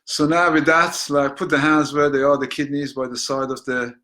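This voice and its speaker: A man teaching a guided healing meditation, gentle and unhurried, dropping to soft spoken affirmations and breaking off for chatty, joking asides. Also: a little high, little pitch movement.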